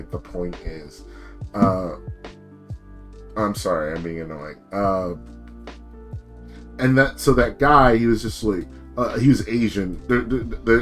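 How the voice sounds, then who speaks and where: Low-voiced guy ranting on stream, swears a lot, rambles and laughs at himself, quiet guitar playing under it. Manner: rambling, profane, self-deprecating. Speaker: VTuber streamer. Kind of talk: casual ranting storytelling.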